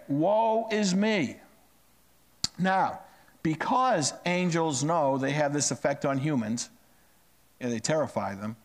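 Male pastor, middle-aged, sermon, slightly high voice, hushed asides, emphatic peaks. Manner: conversational storytelling, swings between hushed asides and emphatic raised phrases.

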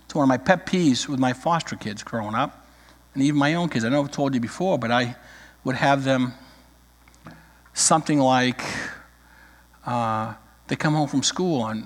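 Emphatic preacher in an echoey church. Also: male voice, medium pitch, animated. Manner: emphatic, drawn-out scripture reading. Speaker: pastor. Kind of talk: sermon. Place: church sanctuary.

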